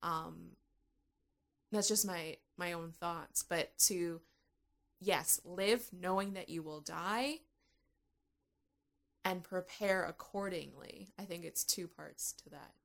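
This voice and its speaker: A woman with a slightly low voice speaks as a podcast guest. She talks earnestly and thoughtfully, often circling back and restarting as she works out her ideas. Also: slow pace, vocal fry, pauses often, fairly bright tone. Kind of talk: casual conversation.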